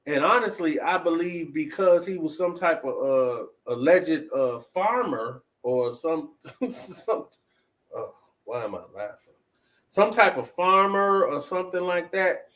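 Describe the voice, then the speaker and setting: A man's voice: a little high, animated, measured pace, a bit bright, poor audio. A man hosting a talk show, chatting casually and putting questions to his listeners. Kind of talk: casual commentary.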